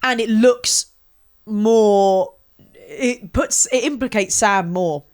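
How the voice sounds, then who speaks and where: A British woman co-hosting a casual chat about a reality show, enthusiastic and quick to swear. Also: medium pitch, a little mellow. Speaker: podcast co-host.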